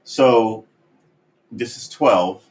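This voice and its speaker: A man's voice: fairly low pitch, very slow, a little mellow, low-quality recording. A man live-streaming his guitar practice, chatting in a rambling, jokey, self-mocking way. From United States. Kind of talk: casual live-stream chat.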